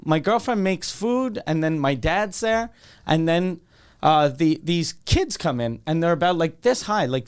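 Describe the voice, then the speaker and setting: A man's voice: on the high side, smooth. A man hosting a podcast, telling a long, profane, rambling comic story and acting out the lines of the people in it. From Canada. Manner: rambling, profane, acts out quotes. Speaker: podcast host. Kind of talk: casual comedic storytelling.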